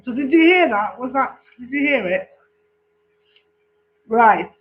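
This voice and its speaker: A woman's voice: on the high side, lively intonation, takes it slowly, highs cut off. An English woman telling jokes casually, chatty and checking in with her listener. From England. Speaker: joke teller.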